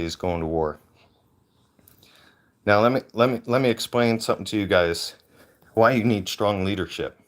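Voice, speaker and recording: A man ranting in a heated, profane way into a handheld phone on a livestream. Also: fairly low pitch. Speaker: veteran livestreamer. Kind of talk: angry livestream rant.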